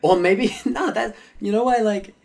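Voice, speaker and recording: A man's voice: sits high, measured pace, creaky, a crowd in the background. Slangy man rambling in casual chat. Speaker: podcast guest.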